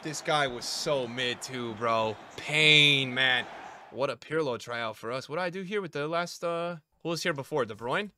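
A man streaming a football video game, talking to his chat in slangy, repetitive commentary that jumps from shouting at the referee to low muttering. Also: moderate pace, a little hiss or hum. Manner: swings between shouted outbursts and low muttering; slangy, repeats himself. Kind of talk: live gameplay commentary.

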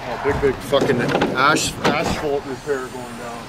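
A man hosting a vlog from inside a moving vehicle, crude and profane, keeping up a loud running commentary. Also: medium pitch, level tone, measured pace. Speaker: vlog host. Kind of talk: rowdy casual chat while driving. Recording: loud vehicle road noise. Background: engine and road noise.

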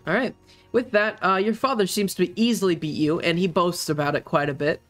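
A man narrating as the game master of a tabletop role-play game, speaking in a relaxed, hesitant way with many fillers. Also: high-pitched, brisk, soft background music.

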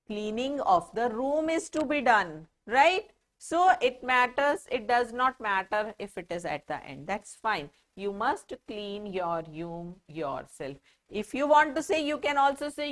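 A woman's voice: on the high side, a bit bright. A woman teaching an English grammar lesson to children, speaking with an Indian English accent and explaining patiently with questions to the class. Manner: explains patiently, asks the children questions and answers them herself.

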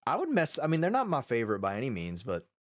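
A man's voice: medium pitch, huge pitch swings, quick pace, dry recording, clean studio sound. A young man from Texas co-hosting a podcast, chatting casually, slangy and cursing freely. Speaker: podcast co-host. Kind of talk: casual chat.

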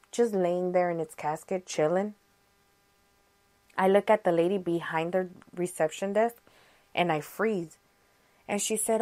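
A young woman hosting a podcast, telling a personal story in a chatty, animated way and acting out the dialogue. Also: lowish voice. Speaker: podcast host. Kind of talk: casual storytelling.

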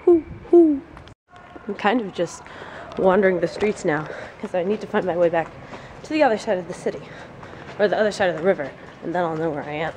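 A young woman chatting excitedly as she walks and narrates her travel vlog outdoors, recorded on a handheld camera. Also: on the low side, a little fast, low-quality recording. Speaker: vlogger. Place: city streets and gardens outdoors. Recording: handheld camera outdoors with loud street noise.

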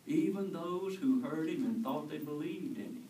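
A man's voice: fairly high pitch, expressive, moderate pace, dark tone, a little hiss or hum. A male pastor preaching an earnest, conversational sermon, asking his congregation questions. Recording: echoey church from far off.

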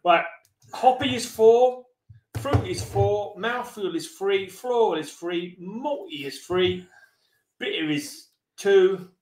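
A man's voice: high-pitched, slow, echoey room, noisy background. A man from England casually chatting and swearing through a beer tasting as podcast host. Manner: chatty, swearing, restarts and jokes.

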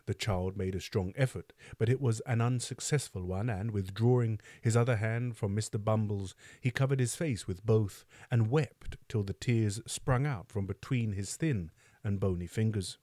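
A man's voice: lowish voice, moderate pace, mellow, no room sound, clean studio sound. A man reading a classic novel aloud for a book club, who reads steadily and stops now and then to remark on the text.

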